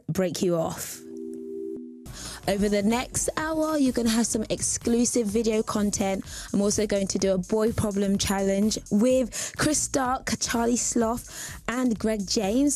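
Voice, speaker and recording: A woman's voice: medium pitch, darkish tone. A young woman from England presenting a radio show, introducing songs and segments in a chatty, upbeat way. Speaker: guest radio host. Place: radio studio.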